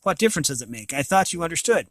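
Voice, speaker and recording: A man reading a novel aloud, voicing a nervous young noblewoman who speaks haltingly. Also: on the high side, sing-song, fairly bright tone, dry recording, pitched above the performer's own voice. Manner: hesitant, halting speech. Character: young noblewoman bride, nervous but gentle.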